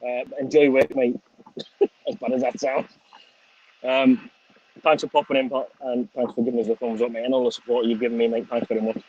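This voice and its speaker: A man's voice: mid-range voice, flat delivery, brisk, long pauses, darkish tone, slightly rough. A middle-aged man with a Scouse accent chatting casually on an outdoor livestream, swearing freely and thanking viewers by name. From England. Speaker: vlogger. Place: outdoors on a windy sunny day. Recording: slightly dull lo-fi stream audio.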